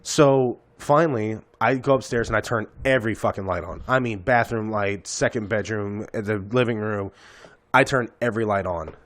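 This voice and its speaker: A man's voice: fairly low pitch, moderate pace, dry recording. A man in his thirties, a podcast host telling a profane, rambling story in casual chat.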